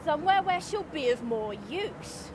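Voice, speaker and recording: A woman playing a calm, sinister female captor with silky, unhurried menace, recorded outdoors on a city street. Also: high voice. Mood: menacing. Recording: outdoor take with loud traffic noise.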